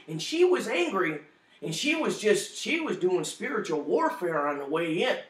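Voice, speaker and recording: Animated man telling his testimony, echoey. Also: high-pitched, a little slow. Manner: animated storytelling, acts out quotes loudly. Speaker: testimony speaker. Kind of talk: spoken testimony. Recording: echoey room, distant mic.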